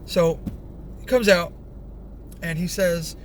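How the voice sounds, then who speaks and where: A young man telling a rambling personal story, animated, swearing freely and restarting his sentences. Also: fairly high pitch, a little fast. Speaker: vlogger. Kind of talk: casual storytelling. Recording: faint background noise.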